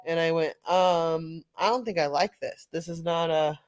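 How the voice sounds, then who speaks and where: A woman's voice: sits low, fairly even intonation, moderate pace, clear, resonant tone, dry recording. A middle-aged woman from California, telling a casual story on a live audio panel, laughing often and restarting her sentences. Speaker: panel speaker.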